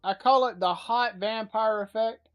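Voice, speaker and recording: A podcast host in casual chat, crude and joking, reading chat comments aloud. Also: male voice, high voice, measured pace, a bit bright.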